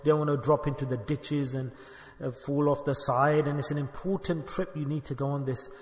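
A man gives a sermon as a spiritual teacher, his voice pitched high. He keeps asking the listeners questions and acts out little dialogues. The sound rings with a long echo, like a large hall. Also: fairly even intonation, brisk. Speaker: sufi shaykh preacher.

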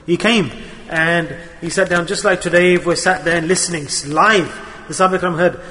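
A man preaches a sermon at a brisk clip, pressing his listeners with rhetorical questions. His voice sits high for a man. The sound rings with a long reverb from a large hall. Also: steady tone, pushed and bright. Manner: rapid, emphatic, asks the audience rhetorical questions. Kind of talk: sermon on a hadith.

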